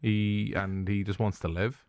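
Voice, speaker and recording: A man's voice: lowish voice, little pitch movement, measured pace, a little mellow, dry recording. Northern Irish male podcast host, laughing, profane banter, dry recording. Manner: jokey, laughs often, swears casually. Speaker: podcast host, film reviewer. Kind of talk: casual chat.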